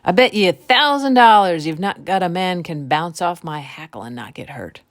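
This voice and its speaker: A woman voicing a scheming old witch who brags and coaxes in folksy country speech, low-pitched. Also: lively intonation, normal speed, no room sound, studio quality, lightly acted. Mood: boastful.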